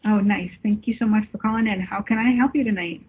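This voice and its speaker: Husky-voiced woman hosting a call-in show. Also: mid-range voice, quick pace. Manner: warm, affectionate, calls people love. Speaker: host of a spiritual call-in show. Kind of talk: live call-in talk with viewers. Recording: phone-like lo-fi line.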